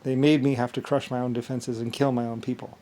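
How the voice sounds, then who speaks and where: A man's voice: medium pitch, level tone, dark tone. A man talking alone in a rambling monologue, stumbling and repeating words as he goes. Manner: halting, repeats words, trails off. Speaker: vlogger.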